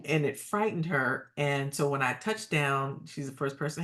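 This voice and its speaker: Low-voiced woman host, affirming. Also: normal speed, a bit bright. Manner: affirming, frequent agreement sounds; storytelling, quotes others with voices. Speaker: podcast host. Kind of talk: casual interview talk.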